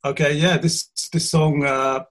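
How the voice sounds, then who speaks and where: A man's voice: on the high side, fairly even intonation, unhurried, fairly bright tone. A man from the United Kingdom, a musician guest, chatting easily over a video call and laughing often. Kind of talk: casual interview chat.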